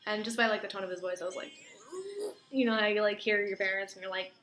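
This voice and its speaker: A woman's voice: medium pitch, fairly even intonation, fast talker, fairly bright tone. Chatty young woman in an echoey room. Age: young adult. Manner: chatty, full of "like" fillers. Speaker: vlogger. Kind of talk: casual storytime. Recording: roomy echo, faint room noise.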